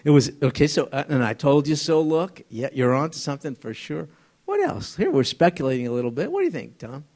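A man teaching an informal Bible study to a small group, conversational and halting, often asking them questions. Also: fairly high pitch, very animated, darkish tone.

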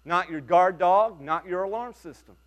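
A man preaching a sermon as pastor, earnest and emphatic, with dramatic pauses. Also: high-pitched.

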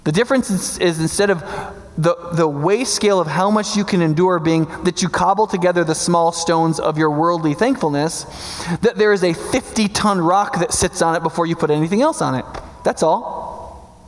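A man's voice: sits high, normal speed. A male pastor preaching a sermon in a conversational teaching way, often checking in with his listeners with "right?". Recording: long hall reverb.

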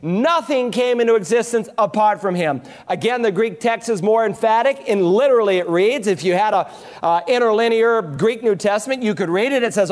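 A man preaching from the pulpit in a church sanctuary, his voice pitched high for a man. He drives his points home emphatically, stacking ideas in threes and firing rhetorical questions at the congregation. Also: animated, a little fast. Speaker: pastor. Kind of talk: sermon.

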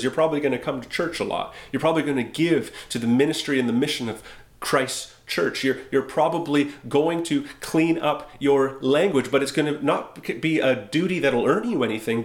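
A man preaching a sermon as pastor, conversational and wry, slowing down for emphasis. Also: mid-range voice, roomy sound. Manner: conversational, wry, with dramatic slowdowns. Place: church sanctuary.

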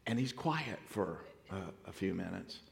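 A man's voice: low voice, animated, measured pace, gravelly. Man preaching in a reverberant hall. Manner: storytelling, dynamic swings from hushed to loud emphatic. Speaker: pastor. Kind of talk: sermon.

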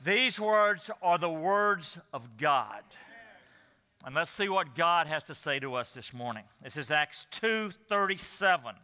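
A man preaching a sermon as pastor, emphatic, with deliberate pauses. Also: fairly high pitch, animated, pushed and bright. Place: church sanctuary. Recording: echoey church hall.

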